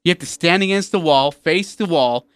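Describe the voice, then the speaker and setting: A man hosting a sports talk show, playful and rambling, easily excited. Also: a little high, normal speed, smooth, no echo. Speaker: sports radio host.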